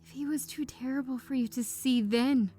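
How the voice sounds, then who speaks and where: A woman voicing a frightened old husband who speaks slowly and tremblingly. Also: mellow, soft background music. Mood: fearful. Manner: low, slow and trembling.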